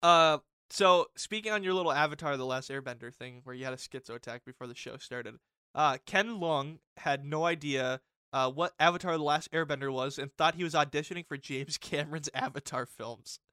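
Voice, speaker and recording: A young man co-hosting a casual podcast, excitable and swearing a lot, breaking into loud mock impressions. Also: fairly high pitch, brisk, clear, resonant tone, dry recording, studio quality. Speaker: podcast co-host. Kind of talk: casual chat.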